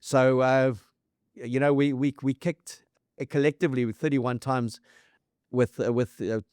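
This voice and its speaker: A South African man in relaxed podcast chat about rugby. He sounds enthusiastic, runs through figures and restarts his sentences often. His voice sits mid-range, recorded close and dry. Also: medium pitch, a little slow, smooth, dry recording. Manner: enthusiastic, lists stats, frequent restarts. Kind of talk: casual sports chat.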